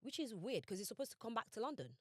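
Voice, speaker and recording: A young woman co-hosting a podcast, telling a personal story in casual chat, animated and emphatic, acting out quotes with big swings in her voice. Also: fast, dry recording, studio quality. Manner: animated, emphatic, quotes herself and others with dramatic pitch swings. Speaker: podcast co-host.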